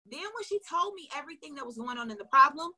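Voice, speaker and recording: A female sales coach with a high-pitched voice tells her viewers a story at a quick pace. She's animated, acting out the dialogue and addressing them directly.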